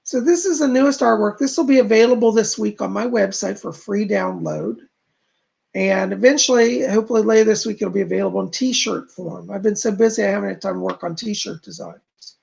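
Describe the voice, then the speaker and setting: Gravelly-voiced man chatting on a livestream. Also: high voice, brisk, a little mellow. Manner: chatty, rambling, reads chat aloud. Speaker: livestream host and psychic. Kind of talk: casual livestream chat. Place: home studio.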